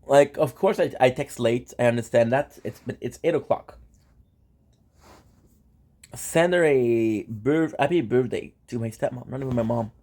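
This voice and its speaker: A man's voice: medium pitch, normal speed, a little mellow. A young man talking casually in a vlog, rambling with fillers and restarts. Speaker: vlogger.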